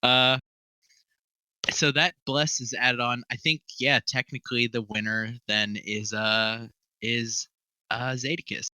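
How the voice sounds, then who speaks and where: A man's voice: medium pitch, fairly even intonation, slow pace, bright, forceful tone, clean tone, dry recording. A young man narrating as game master, laughing often and swearing casually. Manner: laughing often, loose and profane. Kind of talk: narrating a tabletop game over voice chat.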